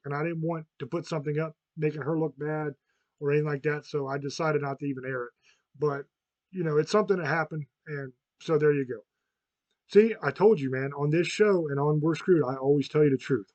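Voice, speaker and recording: A man's voice: on the high side, dry recording, dull audio. Profane rambling man in his fifties. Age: 50s. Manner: rambling, frank and profane, with many restarts. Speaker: podcast host. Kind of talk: casual chat.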